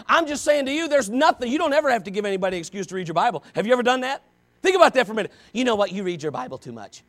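High-voiced man preaching with passion. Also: sing-song, racing, fairly bright tone. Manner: impassioned, conversational preaching with many rhetorical questions. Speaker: pastor. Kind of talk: sermon.

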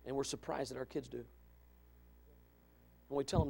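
A male pastor preaching a fiery sermon, swinging from shouts to low asides. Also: fairly even intonation, moderate pace, gravelly, husky.

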